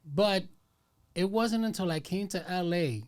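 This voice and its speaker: A man hosting a podcast interview and chatting easily, with his own stories mixed in. His voice sits a little high for a man. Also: measured pace. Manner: relaxed, conversational, shares his own stories. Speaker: podcast host. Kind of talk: casual interview chat.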